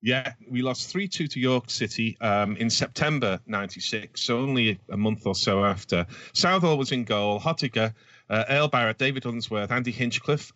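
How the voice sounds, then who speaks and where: A man's voice: mid-range voice, a bit bright, no echo, muffled recording. A man co-hosting a casual football podcast, talking at length with frequent ums and restarts. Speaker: podcast co-host.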